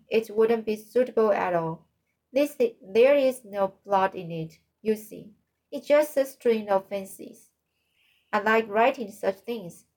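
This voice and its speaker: A woman's voice: mid-range voice, a little mellow, low-quality recording. A woman reading the part of a cheerful, imaginative teenage girl in a storybook, talkative and dreamy. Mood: modest.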